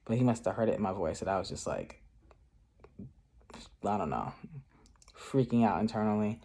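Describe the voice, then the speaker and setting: A man's voice: fairly low pitch, big pitch swings, moderate pace, gravelly, mellow. A man chatting casually in a craft vlog, rambling with many filler words and frequent laughs. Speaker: craft vlogger.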